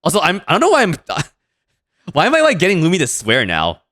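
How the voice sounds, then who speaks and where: Animated, swearing male streamer. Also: sits high, a little fast. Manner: laughing, profane, animated. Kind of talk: casual gameplay commentary.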